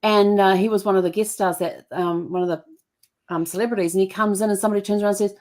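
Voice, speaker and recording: A woman's voice: mid-range voice, steady tone, fast, a little mellow. Middle-aged female host, casual and talkative, mid-range voice, lots of ums and laughs. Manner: chatty storyteller with frequent fillers and laughter. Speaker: show host. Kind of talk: casual chat.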